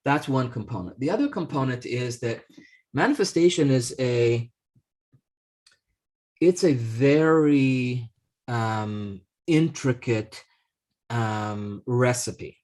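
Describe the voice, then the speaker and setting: A man co-hosting a talk show, telling a story in a casual, halting way, full of restarts, and acting out the people in it. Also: mid-range voice, expressive, darkish tone. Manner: halting, many restarts and fillers, acts out the voices in his story. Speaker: podcast co-host.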